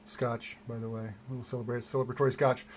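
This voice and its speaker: A man rambles through an unboxing in a loose, self-deprecating way, full of ums and restarts. His voice sits at an ordinary middle pitch. A faint hiss hangs under the home recording. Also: little pitch movement, fast. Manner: self-deprecating, meandering, many fillers and restarts. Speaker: vlogger.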